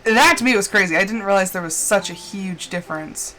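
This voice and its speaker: A woman's voice: medium pitch, fairly quick, a bit bright, faint music behind. A woman livestreaming a game, telling a rambling story in casual chat with lots of fillers and playful drama. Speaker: livestreamer playing a farming game. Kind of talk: casual chat while gaming.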